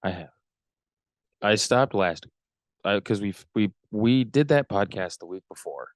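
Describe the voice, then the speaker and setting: A man's voice: on the low side, expressive, no echo. Rambling young man on podcast. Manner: rambling, halting. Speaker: podcast co-host. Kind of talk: casual podcast chat. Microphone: close podcast mic.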